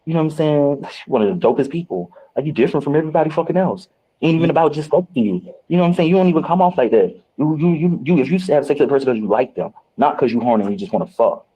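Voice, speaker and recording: A man on a reality show after-show, telling candid stories in casual chat, animated and profane, with big swings in his voice. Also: a little high, racing, breathy edge, rough recording. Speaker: reality show cast member.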